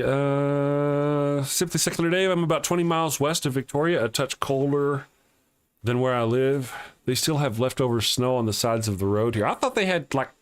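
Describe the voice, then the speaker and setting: A man's voice: mid-range voice, clear, resonant tone. A man hosting a casual live morning show, reading viewer comments aloud and joking, often chuckling as he talks.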